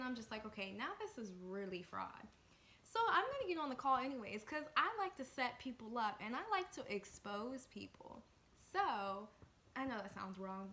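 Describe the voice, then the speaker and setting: A young woman from the Washington, D.C. area telling a storytime vlog, excitable and chatty, with lots of fillers. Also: fairly high pitch. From Washington, D.C. area, USA. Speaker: vlogger. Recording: echoey room with faint noise.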